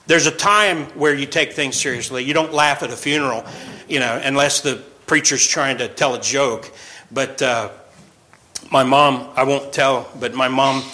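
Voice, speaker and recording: Bright-voiced joking preacher man. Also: mid-range voice, fairly even intonation, low-quality recording. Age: over 40. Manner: chatty, joking, quick laughs between points. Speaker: pastor. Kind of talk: informal sermon with jokes.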